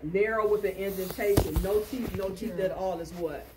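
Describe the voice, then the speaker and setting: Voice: mid-range voice, animated, a little fast. Instructor chanting terms in a classroom. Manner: drills terms with rhythmic repetition; quizzes students with call-and-response. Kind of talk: classroom lecture and drill. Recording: distant classroom recording, faint noise.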